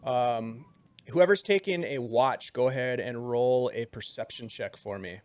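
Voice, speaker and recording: A man narrating as game master in a relaxed, loose way. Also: mid-range voice, unhurried, dry recording. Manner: relaxed, loose, lots of ums and restarts, chuckles.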